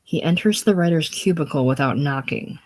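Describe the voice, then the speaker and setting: A reader calmly reading stage directions aloud in a casual play reading. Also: medium pitch, brisk.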